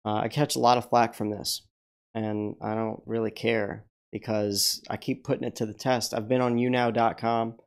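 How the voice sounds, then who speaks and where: A man's voice: on the low side, little pitch movement, moderate pace, gravelly, clear, resonant tone. A man hosting a livestream, telling stories casually. He rambles, restarts often, swears now and then, and acts out the people in his stories. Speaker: livestream host.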